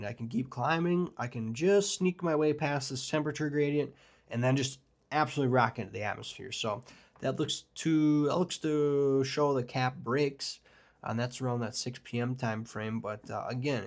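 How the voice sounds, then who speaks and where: A man hosting a live weather forecast stream, talking casually and rambling with lots of fillers, excited about storms and chatting with viewers. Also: medium pitch, moderate pace. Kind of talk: live forecast discussion with chat.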